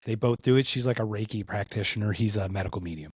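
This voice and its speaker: A man's voice: fairly low pitch, quick pace, breathy edge, dry recording. A man from Philadelphia telling a story in casual conversation, acting out what other people said. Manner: animated, acts out other people's lines. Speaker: podcast guest.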